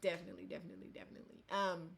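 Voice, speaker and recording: A woman telling stories to camera in a casual, animated way, laughing often. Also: on the low side, very fast, vocal fry. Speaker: vlogger.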